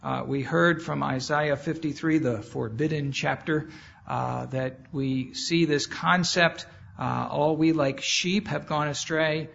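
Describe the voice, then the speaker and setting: Gravelly-voiced man preaching a sermon. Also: fairly high pitch, slow, a bit bright. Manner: earnest, plain-spoken, fumbles with slides between points. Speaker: guest preacher. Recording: dull lo-fi sound with faint background noise.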